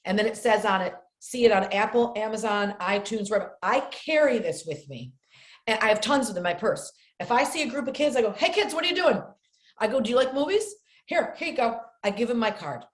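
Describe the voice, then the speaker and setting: Animated storyteller woman, roomy sound. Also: a little high, fairly quick. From upstate New York. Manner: lively, acts out quoted voices, repeats words for emphasis. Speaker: actress and filmmaker, podcast guest. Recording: roomy echo.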